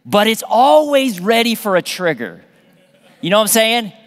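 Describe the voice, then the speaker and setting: A pastor from the American South preaching a sermon in an animated, conversational way, often repeating phrases and restarting sentences. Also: male voice, high-pitched, normal speed. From Southern United States. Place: church sanctuary. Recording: long reverb of a church hall.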